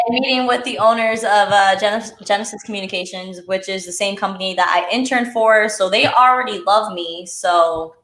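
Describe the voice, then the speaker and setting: Young female co-host, bright and upbeat, echoey room. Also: mid-range voice, moderate pace, few pauses. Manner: upbeat, chatty. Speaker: podcast co-host. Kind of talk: casual podcast chat.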